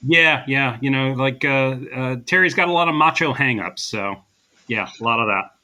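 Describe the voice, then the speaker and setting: Bright-voiced man chatting about a movie. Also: mid-range voice, normal speed. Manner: animated retelling with laughter. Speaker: podcast co-host. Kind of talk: casual movie discussion.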